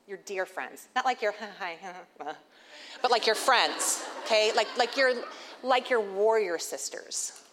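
A woman's voice: mid-range voice, a bit bright. A woman in her thirties giving a humorous inspirational talk to an audience, telling candid, self-deprecating stories. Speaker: speaker addressing an audience. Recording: long hall reverb, faint noise.

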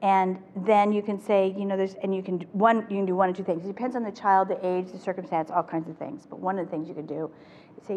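Older woman, parenting workshop presenter, animated delivery, reverberant hall, faint background noise. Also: medium pitch, quick pace. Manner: animated, acts out quoted phrases. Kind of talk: live parenting talk to an audience.

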